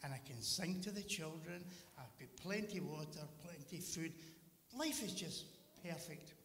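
A man's voice: fairly high pitch, expressive, moderate pace, a bit bright. A man voicing an eager, boastful young elephant who keeps gaining new body parts, told as a children's story in a church hall. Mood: delighted. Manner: eager, delighted exclamations.

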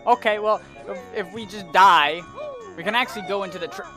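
A man's voice: sits high, brisk, pushed and bright, faint music behind. A young man giving rambling gameplay commentary, easily exasperated and ranting at the game. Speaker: let's play commentator.

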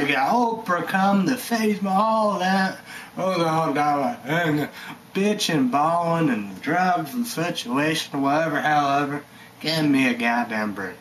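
A man's voice: on the high side, fairly bright tone, slight background noise, rough recording. A man giving a rambling, heated vlog rant, swearing and leaning on "you know" and "stuff like that". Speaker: energy drink reviewer vlogger.

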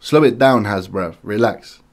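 A man, hosting a music reaction and talking casually with lots of slang, quick to get excited. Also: on the low side.

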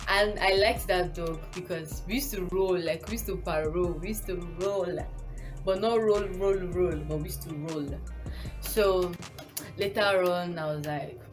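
A woman's voice: lowish voice, moderate pace. A young woman with a Nigerian accent, telling a storytime as a vlogger, rambling and correcting herself, with frequent laughs. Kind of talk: casual storytime. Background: background music.

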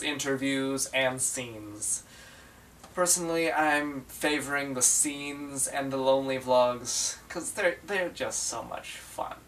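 A man's voice: a bit bright, distant mic, slight background noise. Playful young male vlogger. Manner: playful, bickering with himself, jumps into higher voices. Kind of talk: comedic solo vlog.

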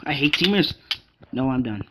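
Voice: medium pitch, animated, moderate pace, background noise. A gaming channel creator giving casual gameplay commentary, ranting with frustration, swearing and repeating the same complaints. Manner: frustrated, swearing rants with much repetition.

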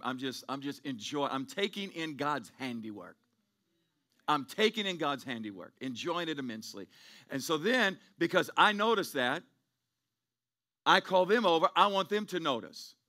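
A middle-aged man preaching a church sermon in a high, ringing voice. He rambles and circles back on his words, then builds to forceful, emphatic peaks. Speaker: pastor.

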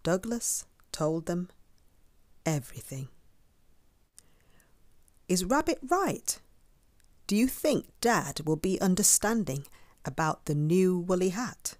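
A woman reading a children's picture book aloud, expressive and stopping to ask the listener questions. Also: on the low side, slow, pauses often, no echo. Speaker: storyteller. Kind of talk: children's story read-aloud.

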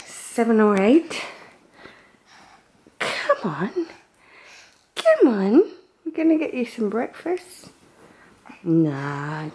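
A woman's voice: mid-range voice, dark tone, slight background noise. An Australian woman vlogging at home in a guest room, chatting into a handheld camera and using playful sing-song baby talk with her son. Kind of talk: casual home vlog.

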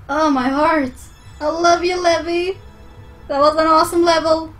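A young woman with a Swedish accent, streaming a video game live, excitable, swearing often and laughing a lot. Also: very high-pitched, moderate pace, faint music behind.

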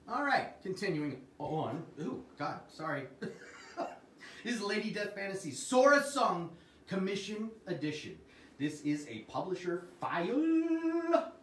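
In Arizona, a man hosts a livestream sales show, chatting with viewers and delivering upbeat salesman patter. His voice is high-pitched and sounds distant and roomy, as though recorded off the mic.

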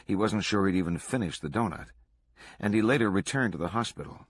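A man reading a true crime book aloud to a book club in a steady, measured way. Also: on the low side, husky.

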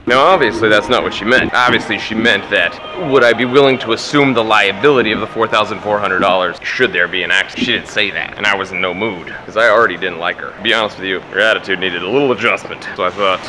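A man's voice: lowish voice, fast talker, few pauses. Male vlogger, sarcastic rambling storyteller; noisy outdoor phone recording. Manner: sarcastic, rambling, gets heated. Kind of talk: casual storytelling vlog. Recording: noisy street and car background.

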